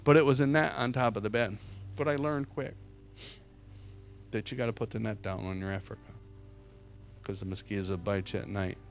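A middle-aged man preaching a sermon as an evangelist, telling a story with lots of repeated words, jumping from loud to hushed. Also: lowish voice, fairly even intonation, a little fast, pauses often, soft background music. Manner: repeats words and restarts often.

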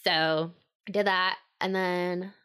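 A young woman in her twenties, a podcast co-host, telling her story in a casual, slangy, animated way and acting out the voices she quotes. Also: lowish voice, slow pace, clear, resonant tone.

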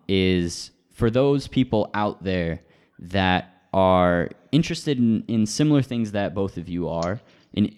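Deep-voiced male podcast host. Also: a little mellow, clean tone. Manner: halting, restarts phrases. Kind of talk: casual interview.

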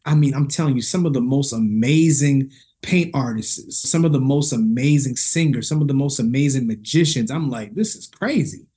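A man, a motivational speaker, telling a personal story as a podcast guest in a lively, slangy way, acting out the dialogue. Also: moderate pace, slightly rough. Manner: lively, slangy, acts out dialogue with big pitch jumps.

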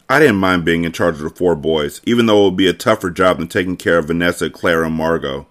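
A man, host of a podcast, reading a children's novel aloud with casual, expressive delivery. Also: sits low. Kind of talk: book reading narration.

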